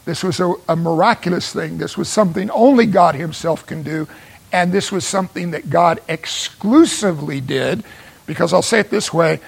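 High, gravelly preacher man. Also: moderate pace. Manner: emphatic, repeats phrases for stress; asks rhetorical questions. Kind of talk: sermon.

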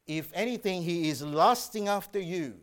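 A man's voice: high-pitched, lively intonation, normal speed. A man preaching a sermon, earnest and emphatic, reading scripture aloud and stressing his warnings. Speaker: pastor.

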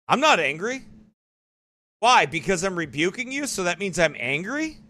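A male preacher with a high, bright voice who talks in a lively, animated way. He is emphatic and mocking as he comments for a livestream audience. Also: normal speed. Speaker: pastor.

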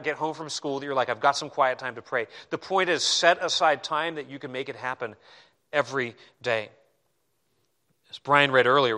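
Bright-voiced male preacher, conversational. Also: mid-range voice. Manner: animated, conversational preaching with self-deprecating asides. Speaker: pastor. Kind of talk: sermon.

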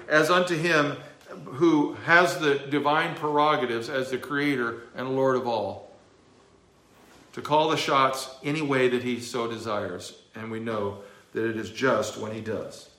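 Man, pastor, expository sermon, slightly high voice, roomy church echo. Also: a bit bright. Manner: teaching verse by verse, emphatic, with fillers.

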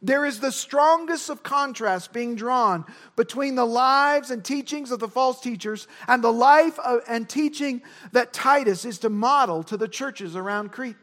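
High-voiced male preacher, emphatic. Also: a little slow, few pauses, a bit bright. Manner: emphatic, repeats key words for stress. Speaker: pastor. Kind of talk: expository sermon.

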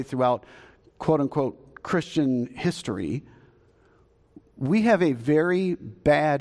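A man with a Southern US accent preaches a sermon from a church sanctuary, his voice on the high side and slightly mellow. He chats with the congregation in a folksy manner, asking questions, and the audio has long hall reverb.

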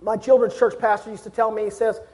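A young man delivers a sermon with an unusually high-pitched voice. He speaks earnestly and builds to fervent exhortation. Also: flat delivery, fast talker, darkish tone. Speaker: preacher.

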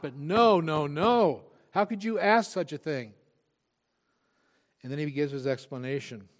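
A male pastor preaching a sermon, earnest and emphatic, with frequent restarts. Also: a little high.

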